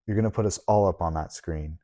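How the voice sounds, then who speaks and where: A firm, disapproving young man who keeps his companion in line, as a male narrator puts him on. The voice is low and deep, with a clipped, watchful delivery. This is a storybook reading. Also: fast talker, dark tone, lightly acted. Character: stern, guarded young man guiding a newcomer.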